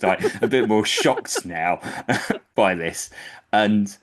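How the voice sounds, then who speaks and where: Deep-voiced man telling a story. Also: takes it slowly. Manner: animated, acts out quoted characters. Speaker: podcast storyteller. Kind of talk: casual anecdote telling.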